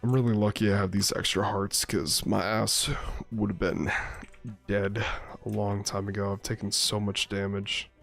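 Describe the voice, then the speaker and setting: A man's voice: on the low side, little pitch movement, normal speed, creaky, a bit bright, soft background music. A man chatting casually while playing a game, telling rambling stories full of swearing. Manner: rambling, profane, laid-back storyteller. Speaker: streamer playing a survival game. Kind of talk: casual gameplay chat and storytelling.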